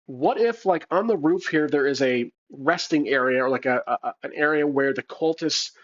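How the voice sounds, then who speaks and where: A man's voice: fairly high pitch, normal speed. A man narrating his solo tabletop adventure, thinking aloud with hesitations and restarts. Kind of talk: casual solo role-play narration. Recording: slightly dull lo-fi sound.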